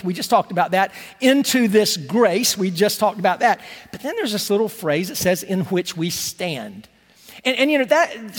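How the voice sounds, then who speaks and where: High-voiced pastor preaching in a reverberant church. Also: male voice, a bit bright. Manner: conversational, repeats words, slows down to stress phrases. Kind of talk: sermon. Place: church sanctuary.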